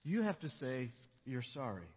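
A man's voice: medium pitch, sing-song, slightly rough, long reverb tail, highs cut off, voice pushed down. A man speaking as a stern, firm father. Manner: firm, measured. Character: stern, patient father scolding his son.

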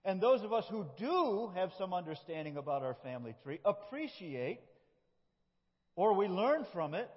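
A middle-aged pastor from upstate New York delivers a folksy, self-deprecating sermon in a church, laughing often. His voice is high-pitched with a breathy edge. The recording sounds dull and lo-fi, with a long hall reverb.

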